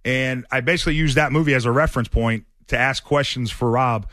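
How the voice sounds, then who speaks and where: A man's voice: medium pitch, brisk, a bit bright, no echo, clean studio sound. A man hosting a sports radio show, telling stories in a loose, rambling way with many fillers and restarts. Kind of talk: casual sports talk storytelling.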